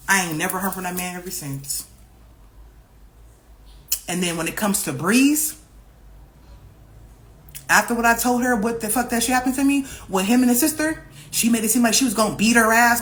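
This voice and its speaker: A young woman telling a casual storytime vlog, profane and animated, repeating herself and acting out what other people said. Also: a little high, moderate pace, pauses often. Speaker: vlogger.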